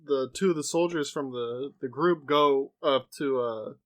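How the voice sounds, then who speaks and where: A man co-hosting a casual movie discussion, filling in plot details and sharing relaxed opinions. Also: medium pitch, a little slow.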